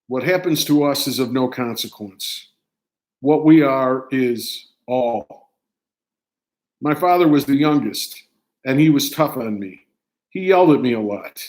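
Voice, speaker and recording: A man's voice: mid-range voice, darkish tone. Older man reading a personal essay. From United States. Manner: measured, declamatory reading in short phrases. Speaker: writer reading his own essay.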